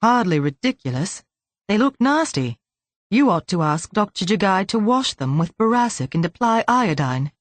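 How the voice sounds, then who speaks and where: A woman's voice: mid-range voice, very animated, normal speed, no room sound, natural voice. A woman voicing a stern, probing male police inspector in an audiobook.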